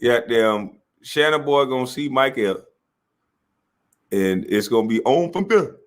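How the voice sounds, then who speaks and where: A husky man, ranting in mocking commentary and putting on high voices to mimic others. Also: expressive, unhurried. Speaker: commentator reacting to a controversy. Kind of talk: animated rant commentary.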